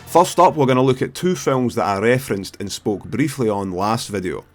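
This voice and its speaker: A man's voice: mid-range voice, expressive, moderate pace, faint music behind. A man with a Scottish accent hosting a casual comedic film review video, brash and profane in his talk. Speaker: film reviewer and YouTube host.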